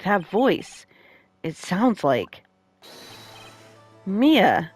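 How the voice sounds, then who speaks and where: A young woman reading a courtroom video game aloud, voicing every character herself. She talks slowly in a lowish voice and stops now and then to laugh and comment on the scene. Faint game music plays underneath. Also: animated. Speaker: let's play streamer reading a game aloud. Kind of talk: reading game dialogue aloud with live reactions.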